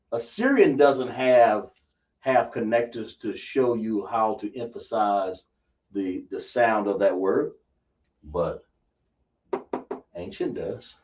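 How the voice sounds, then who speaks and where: A man's voice: on the low side, darkish tone. A man teaching a religious class, emphatic and quizzing his listeners with rhetorical questions. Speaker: religious instructor. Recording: dull, distant lo-fi recording.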